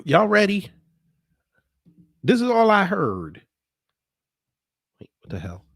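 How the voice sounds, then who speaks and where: A man's voice: high-pitched, wildly swooping pitch, takes it slowly, creaky, breathy edge, dry recording, clean studio sound. Exasperated, stammering male commentator. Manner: exasperated, sarcastic, stammering restarts. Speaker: commentary vlogger. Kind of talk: reaction commentary.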